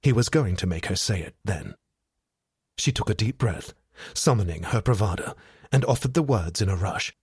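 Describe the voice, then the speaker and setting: A man reads a romance novel aloud in a steady, sensual manner. His voice is low and husky, and the recording is dry and close with no room sound. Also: moderate pace, no room sound. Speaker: audiobook narrator. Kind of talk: scripted romance narration.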